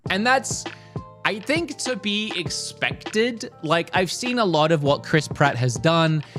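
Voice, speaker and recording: A man's voice: sits high, slow pace, soft background music. A young man talking casually and energetically, reviewing a movie trailer for his stream, with some restarts. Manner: lively, animated, frequent restarts. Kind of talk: casual commentary.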